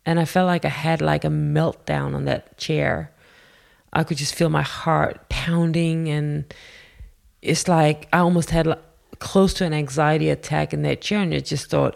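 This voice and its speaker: A woman telling a personal story in a candid, halting, self-deprecating way. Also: low-pitched, steady tone, creaky, darkish tone.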